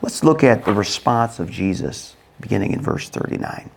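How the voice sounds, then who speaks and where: A middle-aged man preaching a sermon in an expressive way, acting out voices in sudden loud, high bursts. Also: moderate pace, creaky, breathy edge. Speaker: pastor.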